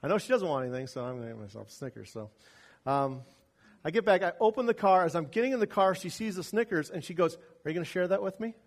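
A pastor delivering a sermon, telling a personal story with wide swings between loud emphasis and quiet asides. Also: male voice, a little high, lively intonation, fast.

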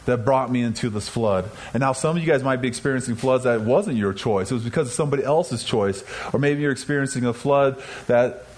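A man's voice: medium pitch, darkish tone, low-quality recording. A man telling his own story as a testimony to an audience, earnest and confessional, speaking straight to his listeners. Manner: acts out his own and others' words in dialogue. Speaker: speaker giving a personal testimony.

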